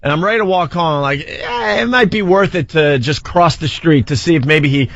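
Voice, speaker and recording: A man in his forties hosting a radio show, telling a self-mocking story in a lively, casual way from a studio mic. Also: a little high, a little fast, dry recording. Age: 40s. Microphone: studio microphone. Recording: slightly dull, dry radio broadcast audio.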